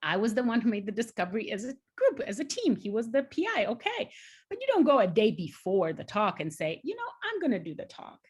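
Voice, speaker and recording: A woman in her forties speaks as an interview guest, recounting her working life. Her delivery is emphatic and grows animated when she is excited. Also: mid-range voice, fairly quick, husky. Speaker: guest scientist. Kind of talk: conversational interview storytelling.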